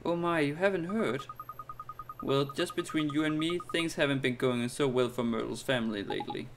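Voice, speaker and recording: A man's voice: a little high, moderate pace, noisy background, pitched above the performer's own voice, natural voice. A man doing a gossipy old neighbor lady. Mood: gossiping. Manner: chattering, sighing, calls everyone dear. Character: gossipy old woman neighbor, fussy and kindly. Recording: game music behind the voice.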